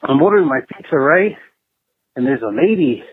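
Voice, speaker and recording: A laid-back man leaves a voicemail and chats in slang, tacking "eh" onto his sentences. His fairly high voice is husky. It comes through a tinny phone line. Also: animated, moderate pace. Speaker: voicemail caller. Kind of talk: casual voicemail story.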